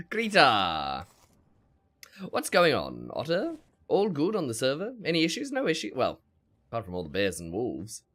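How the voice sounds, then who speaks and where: Bright, lively male game streamer. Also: medium pitch, measured pace, pauses often. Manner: animated, laughs often, talks to himself. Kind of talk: gameplay commentary with chat reading.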